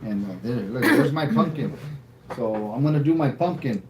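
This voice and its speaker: A man's voice: mid-range voice, expressive, normal speed, heavy background noise. A man co-hosting a casual livestream, rambling and laid-back, tagging sentences with "eh". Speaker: livestream co-host.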